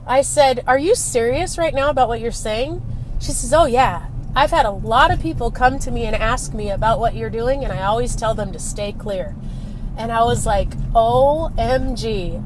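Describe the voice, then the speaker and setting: Chatty woman in her late forties, traffic noise behind. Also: high-pitched. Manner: chatty, emphatic storyteller. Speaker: network marketer. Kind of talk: casual storytelling vlog. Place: in a parked car.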